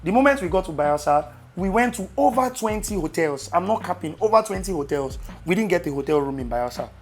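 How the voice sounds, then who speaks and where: A young Nigerian man with a Nigerian accent, casually telling travel stories to camera with loud exclamations. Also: high-pitched, animated, fairly quick, faint music behind. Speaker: vlogger.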